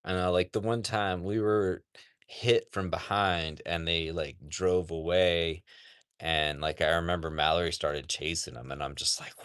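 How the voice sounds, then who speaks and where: A man with a very low voice chats casually on a livestream from outdoors at an animal sanctuary. He talks slowly and rambles, with plenty of "like" and soft asides to the animals. His voice is close and dry, with little room around it. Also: fairly even intonation, clean tone, dry recording. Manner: rambling, says "like" often, talks softly to animals.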